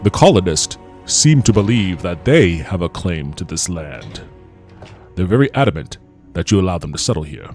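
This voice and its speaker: A man's voice: low voice, big pitch swings, normal speed, a little mellow, soft background music. A man hosting a podcast, giving casual, joking, profane commentary while playing a video game. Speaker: podcast host and gamer.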